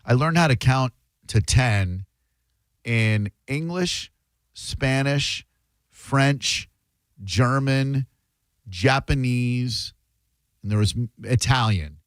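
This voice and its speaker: A man's voice: mid-range voice, slow, long pauses, clear, resonant tone, dry recording. Man, radio talk show host, casual banter, sarcastic jokes, resonant voice, dead-dry studio sound. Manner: joking, sarcastic asides. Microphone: studio microphone.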